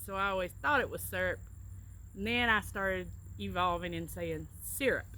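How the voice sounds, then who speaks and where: A woman's voice: mid-range voice, a little fast, bright, forceful tone, slight background noise. A middle-aged woman from Alabama with a Southern drawl, chatting casually as a co-host and explaining how she says words with little anecdotes. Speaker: co-host, travel agent. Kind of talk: casual accent-tag chat.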